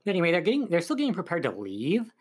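A man's voice: high-pitched, huge pitch swings, racing, husky. A man casually recapping a film's plot as a reviewer, rambling with lots of fillers. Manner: chatty, rambling, full of "like" and "um". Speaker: film reviewer.

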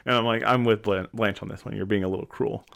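A man's voice: lowish voice, fairly even intonation, fast talker, vocal fry, fairly bright tone. A man co-hosting a podcast, chatting casually with a joking, rambling manner. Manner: joking, rambling, self-interrupting. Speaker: podcast co-host.

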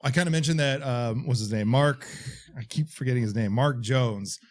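Relaxed man sharing movie trivia. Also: medium pitch, moderate pace. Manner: relaxed, shares trivia with fillers. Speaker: podcast co-host. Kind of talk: casual movie chat.

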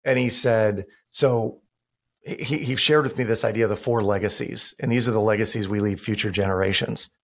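Low-pitched man, gravelly, podcast guest, earnest storyteller. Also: steady tone, moderate pace. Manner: storytelling with quoted dialogue, earnest. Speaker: guest, financial expert. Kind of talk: casual podcast conversation.

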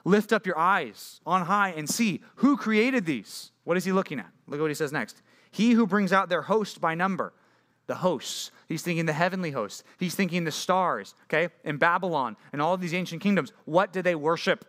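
Animated young man preaching. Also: a little high, normal speed. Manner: animated, conversational preaching with rhetorical questions. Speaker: youth pastor. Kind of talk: sermon to junior high students.

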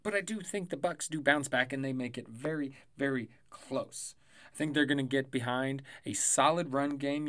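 A man's voice: medium pitch, a bit bright. A young adult man hosting a podcast, talking casually and rambling with frequent swearing. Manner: rambling, profane, loose and chatty. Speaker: podcast host. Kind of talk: casual sports prediction podcast.

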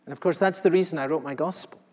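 A male pastor playing the apostle John in a first-person sermon, telling what he saw with earnest feeling, moving between hushed and loud passages. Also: on the high side, quick pace, lightly acted. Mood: confiding. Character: the elderly apostle John, solemn eyewitness. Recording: long reverb of a large hall.

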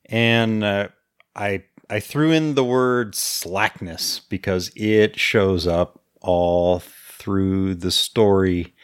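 A man's voice: lowish voice, extremely slow, clear, resonant tone, dry recording, clean studio sound. A man co-hosting a casual book podcast, giving frank opinions with frequent hesitations. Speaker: podcast co-host.

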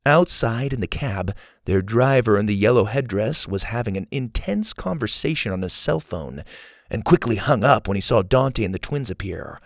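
A man narrating a children's storybook in an animated, expressive reading. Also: lowish voice, moderate pace, creaky, dry recording, clean studio sound.

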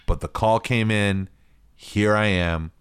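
A man putting on the voice of a gruff, no-nonsense male cop who leans in close to question a suspect in a hushed, intense tone. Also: slow, no room sound. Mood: stern. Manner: low, intense, menacing questioning.

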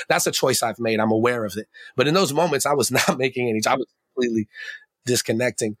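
A fast-talking man with a medium-pitched, somewhat bright voice, an emcee and educator, appears as a guest on a candid podcast, captured on a dry recording. He reflects on a personal story in slangy terms, regularly asking "right?"

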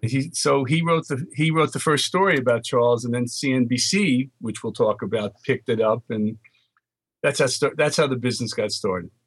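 An older man from the Bronx, telling animated stories as an interview guest. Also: medium pitch, moderate pace, slightly rough, no room sound. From New York, Bronx. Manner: animated anecdotes with quoted dialogue. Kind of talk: storytelling interview.

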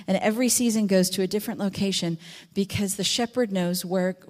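A woman giving a teaching talk on a psalm, telling stories with acted-out voices and slowing down reflectively on key lines. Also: mid-range voice. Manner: animated storytelling, acts out quotes and sheep with sudden loud voices; reflective, slows and softens on key verses. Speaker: Bible teacher.

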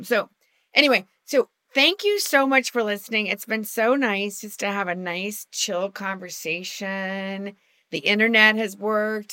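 A woman's voice: medium pitch, a little slow, pushed and bright, no room sound, studio quality. A woman co-hosting a casual video podcast, chatty and laughing often as she acts out little quotes. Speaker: podcast co-host.

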